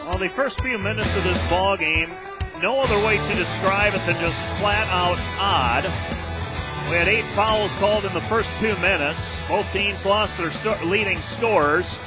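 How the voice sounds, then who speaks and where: A man calling a college basketball game on radio, rattling off play-by-play and getting loud on big plays, openly exasperated with the officiating. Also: high-pitched, a little slow, over loud music.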